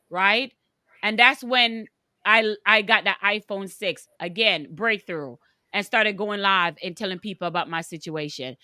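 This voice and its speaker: A woman's voice: mid-range voice, normal speed, pushed and bright, clean tone, dry recording, clean studio sound. A woman host and business coach who talks in an emphatic, preachy way and speaks straight to her listeners. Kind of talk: motivational interview talk.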